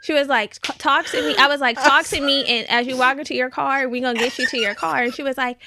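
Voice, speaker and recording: A woman co-hosting a podcast, teasing her co-host in quick banter. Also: high voice, fairly even intonation, pushed and bright, a little hiss or hum. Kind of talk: casual chat.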